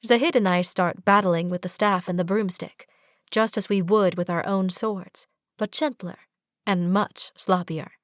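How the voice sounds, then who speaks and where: A woman narrating a first-person fantasy romance audiobook in a soft, even storytelling manner. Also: mid-range voice, a little slow, no room sound, studio quality.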